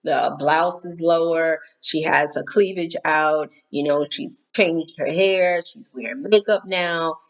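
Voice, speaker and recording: A woman's voice: deep voice, slow, hardly any pauses. Candid woman giving a spiritual talk. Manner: candid, repetitive, emphatic, occasional cursing. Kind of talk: casual spiritual talk to camera.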